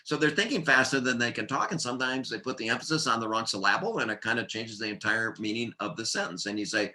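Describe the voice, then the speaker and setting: A man leads a workplace training seminar in a bright, forceful voice at an ordinary middle pitch. He keeps things lively with jokes and drives his points home in short, punchy lists. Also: fast, few pauses. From United States.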